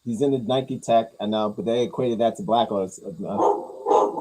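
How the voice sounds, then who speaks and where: A man's voice: lowish voice, normal speed, a little mellow, faint music behind, poor audio. A man giving casual, profane, rambling reaction commentary as a vlogger. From New York.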